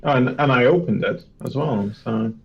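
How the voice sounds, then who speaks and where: A man's voice: medium pitch, normal speed, breathy edge. A man playing a tabletop game who speaks casually and stumbles over his starts, heard through a dull lo-fi recording. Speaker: player.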